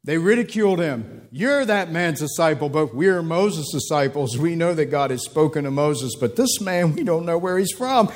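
A man's voice: expressive, normal speed, few pauses. Emphatic man preaching a sermon. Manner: emphatic, repeats phrases, rises in pitch for stress.

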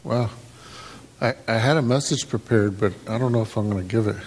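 A man's voice: lowish voice, brisk, a little mellow, in a large hall. A man preaching informally in church, telling a story in a casual way with many fillers.

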